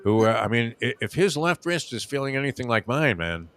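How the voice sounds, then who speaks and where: A man's voice: mid-range voice, sing-song, a little fast, a bit bright, smooth, soft background music. A man in his sixties, a radio host, telling a long rambling story in casual chat, full of fillers and restarts.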